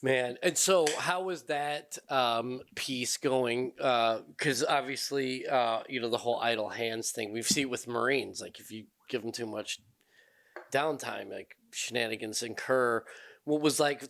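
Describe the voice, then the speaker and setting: A male podcast host with a mid-pitched voice who keeps a casual interview moving. He asks loose, relaxed questions and affirms what he hears. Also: a little slow.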